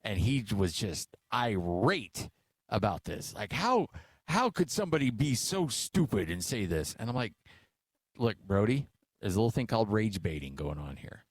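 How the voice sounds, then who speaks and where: A middle-aged man co-hosting a sports radio show, chatting casually and telling animated stories full of filler uhs. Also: fairly low pitch, moderate pace, slightly rough, no room sound, studio quality. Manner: animated storyteller, acts out quotes with filler uhs. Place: radio studio. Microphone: studio microphone.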